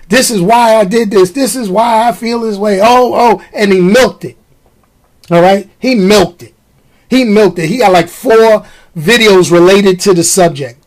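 A man's voice: high voice, poor audio. A man hosting his own podcast, ranting casually to his listeners and tossing in slang. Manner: animated, talks to the audience with slang. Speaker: podcast host.

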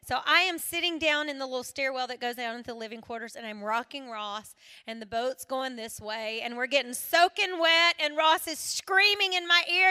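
A middle-aged woman giving a devotional talk to women, telling a story dramatically with shouted peaks and laughter. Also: high voice, normal speed. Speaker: women's ministry speaker. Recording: long hall reverb.

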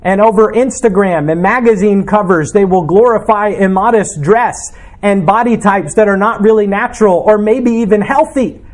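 A man's voice: high voice, normal speed. A man, a pastor, preaching a sermon in an earnest, reflective way, asking his listeners questions.

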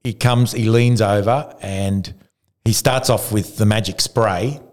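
A man's voice: lowish voice, measured pace. A man from Argentina, a retired cyclist and podcast guest, telling a story with lots of restarts and acted-out quotes. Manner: animated storyteller who acts out quotes, frequent restarts. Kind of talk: casual storytelling.

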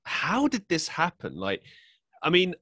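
A man's voice: on the high side, wildly swooping pitch, unhurried, pushed and bright, dry recording. A man hosting a podcast, asking long, rambling questions full of hedges and fillers. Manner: rambling, hedging questions full of likes and I means. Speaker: podcast host. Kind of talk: casual interview talk.

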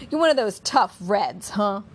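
A woman's voice: mid-range voice, lively intonation, measured pace, a little hiss or hum. A woman doing a blunt, suspicious male investigator. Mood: interrogating. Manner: blunt, taunting interrogation.

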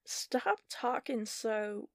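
A woman's voice: fairly high pitch, animated, drawn-out words, vocal fry, no echo, clean studio sound, exaggerated voice. Defiant young witch girl, voiced by a woman. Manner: earnest, defiant.

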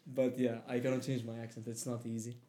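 A young man with a Middle Eastern accent speaks in a relaxed, conversational way. He often pauses on fillers and restarts his sentences. English is not his first language. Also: medium pitch. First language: Arabic. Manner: hesitant, many fillers and restarts. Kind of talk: casual conversation.

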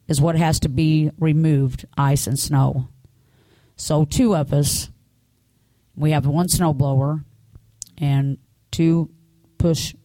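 A woman's voice: on the low side, a little mellow, dry recording. Middle-aged woman, church testimony, earnest and conversational, close dry recording. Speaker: church speaker giving a testimony. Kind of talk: personal testimony.

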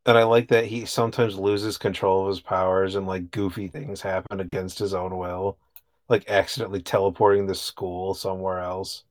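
Laid-back, chuckling man with a low voice. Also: level tone, moderate pace. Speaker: podcast co-host. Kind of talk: casual chat.

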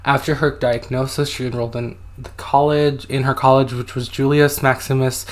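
A man's voice: medium pitch, flat delivery, normal speed. Hesitant man telling a story. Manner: hesitant, reads out quotes, many fillers. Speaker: podcast co-host telling a story. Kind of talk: casual storytelling podcast chat.

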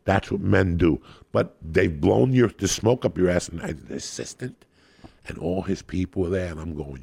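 A man's voice: low voice, moderate pace, vocal fry, darkish tone, slightly rough, dry recording. A middle-aged man, a guest comedian, telling a rowdy, profane story on a podcast and acting out the people in it.

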